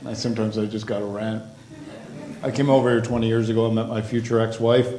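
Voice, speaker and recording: A man doing a stand-up comedy routine on stage, ranting with heavy profanity and rising to shouted exasperation. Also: fairly low pitch, level tone, fast talker, very noisy. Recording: echoey live club with crowd. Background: audience laughter.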